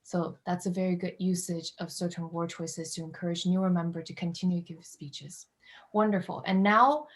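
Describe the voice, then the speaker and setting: A woman hosts a club meeting over a video call. Her voice sits slightly low, and she sounds upbeat and instructive as she introduces each evaluator. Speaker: meeting facilitator.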